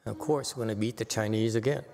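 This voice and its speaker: A man's voice: on the low side, steady tone, quick pace, gravelly, darkish tone. An older man giving an unscripted dharma talk as a Buddhist teacher, blunt and exhorting, often checking in with "okay?". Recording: long reverb from a hall.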